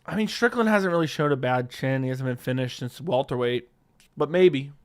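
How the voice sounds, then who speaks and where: Animated and at a moderate pace, this mid-range male voice belongs to a livestream host. He reads audience questions aloud in a casual way and answers offhand, cursing freely into a studio dynamic mic.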